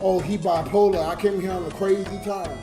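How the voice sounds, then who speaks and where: A high-voiced man, drunk and in tears, rants on a late-night livestream, cursing and speaking straight to his chat. His voice rings around an echoey room while music plays clearly behind him. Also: fairly even intonation, brisk. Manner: ranting, swearing, talking straight to the chat. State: crying. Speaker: livestreamer and YouTube comedian.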